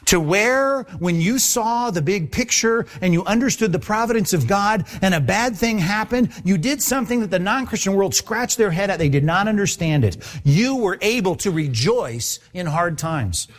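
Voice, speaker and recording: A man preaching a sermon in an animated, conversational way, acting out quick voices as he goes. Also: sits high. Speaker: pastor.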